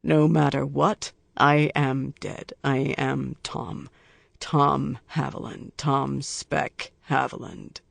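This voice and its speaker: A man voicing a withdrawn, despairing man in hiding who speaks low, quiet and slow. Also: flat delivery, gravelly, no room sound, exaggerated voice.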